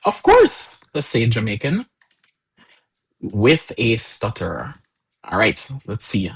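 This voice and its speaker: A man's voice: on the low side, wildly swooping pitch, takes it slowly, gravelly, slightly rough, rough recording. A man leading a live workshop, talking casually with lots of fillers and repeated words. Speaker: workshop instructor.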